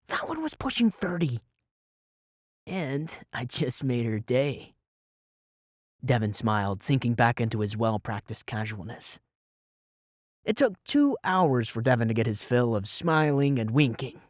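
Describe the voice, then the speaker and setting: A man's voice: medium pitch, big pitch swings, unhurried, long pauses, no echo. A man narrating a first-person audiobook in a wry, sarcastic storytelling manner, on a close studio mic.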